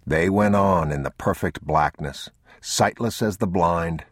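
A man reading a novel aloud as narrator in a measured, unhurried, somber way. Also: sits low, no echo, studio quality. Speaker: audiobook narrator. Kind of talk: scripted narration.

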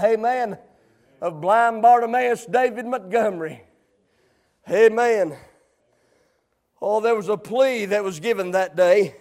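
A middle-aged man preaching a sermon with fervent, shouted cries and drawn-out phrases. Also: sits high.

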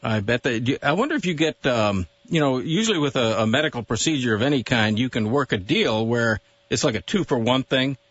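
A man who writes for a newspaper, a guest on a radio show, trading casual banter with wry, deadpan humor. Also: mid-range voice, brisk, hardly any pauses, dry recording. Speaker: newspaper columnist, studio guest. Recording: dull lo-fi radio broadcast, dry.

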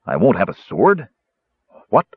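A man's voice: on the low side, wildly swooping pitch, measured pace, husky, no room sound, full character voice. A man voicing a big, befuddled warrior who sounds anxious and plaintive, on a tinny, dry recording.

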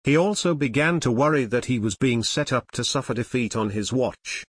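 A man reading nonfiction narration in a measured, serious way. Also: mid-range voice, expressive, husky, dry recording. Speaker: audiobook narrator.

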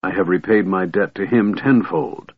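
A man voicing a cold, bitter young male wizard in an audiobook, speaking in a chilly, harsh, hushed way. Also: deep voice, moderate pace. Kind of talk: audiobook character reading. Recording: tinny phone-like audio.

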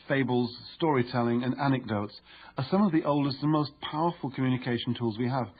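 Male author narrating his own self-help audiobook, husky and measured, muffled recording. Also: mid-range voice. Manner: measured, explanatory.

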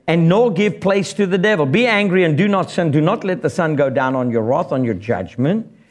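A man with a slightly high voice preaches a sermon in an animated, blunt, and joking way. He quotes scripture and retells a fable.

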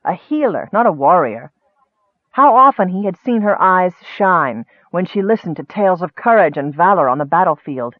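Male narrator, high voice, measured, tinny phone-like sound. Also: animated, no echo. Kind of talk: audiobook narration. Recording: dry, tinny, narrow-band.

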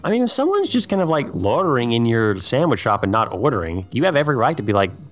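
A man's voice: mid-range voice, sing-song, fast, faint music behind. A man chatting casually, making wry, teasing remarks in response to a story. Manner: wry, teasing, playful commentary. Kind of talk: casual chat.

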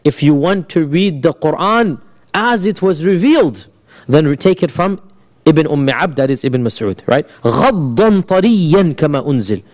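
A man teaching a history class in a relaxed, conversational way, his voice sitting a little above the usual male range. He asks his students questions and slips Arabic phrases into his English. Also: a little high, normal speed. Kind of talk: classroom lecture.

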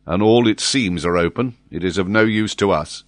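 A man's voice: on the low side, normal speed, no room sound, lightly acted. A man reading an audiobook, voicing a sailor who answers plainly and dutifully. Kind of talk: audiobook character voice.

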